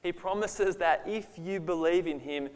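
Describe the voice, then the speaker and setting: A man's voice: high-pitched, moderate pace, in a large hall. A man preaching a sermon on a Bible passage, earnest and emphatic, his voice rising on the dramatic moments. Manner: earnest and emphatic, voice rising when describing Jesus' anger.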